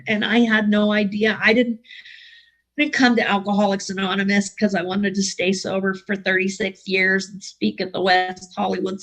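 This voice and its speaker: A middle-aged woman shares her recovery story from home in an online meeting, her mid-range, slightly bright voice coming through rough video-call audio. Her humor is dry, wry and self-mocking.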